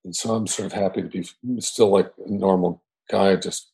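An older man guest in a casual interview, reflective and theatrical in manner, with a husky voice. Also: deep voice, fairly even intonation, normal speed, mellow. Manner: reflective, theatrical, slips into a mock Southern drawl. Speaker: guest actor.

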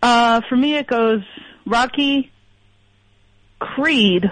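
A woman's voice: fairly high pitch, drawn-out words, no echo, low-quality recording. A woman calling in to a radio show, hesitant and apologetic, with lots of ums. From Pennsylvania, US. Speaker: caller. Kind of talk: phone-in chat.

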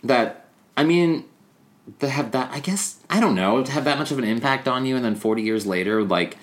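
A man's voice: medium pitch, moderate pace. A man co-hosting a podcast in casual chat, joking and swearing freely. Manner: animated, jokey, swears freely. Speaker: podcast co-host.

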